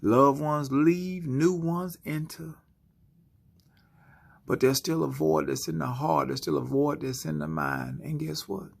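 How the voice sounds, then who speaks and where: A man giving a spoken-word motivational sermon, slow and dramatic, often dropping into hushed whispers. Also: fairly high pitch, steady tone, creaky. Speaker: motivational speaker.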